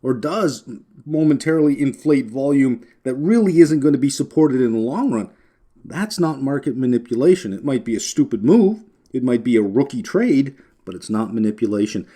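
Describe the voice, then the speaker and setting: Male lecturer, warm low-key tone, chatty explanations with filler words and dry humor. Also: animated, normal speed. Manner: conversational, frequent filler words and restarts, wry asides. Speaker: finance instructor. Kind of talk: recorded lecture.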